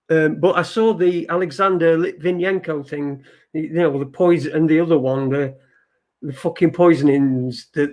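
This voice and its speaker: A man's voice: fairly high pitch, moderate pace, a little mellow. A man hosting a live stream in casual chat, reading viewer comments aloud, rambling and swearing and repeating himself. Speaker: livestream show host.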